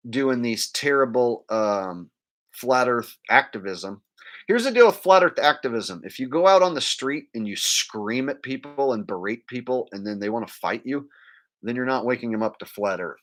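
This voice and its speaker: A man rants bluntly on a live stream, his voice swooping widely in pitch. His tone is bright and forceful, with frequent fillers and blunt, scornful asides. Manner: animated, blunt, ranting, many fillers.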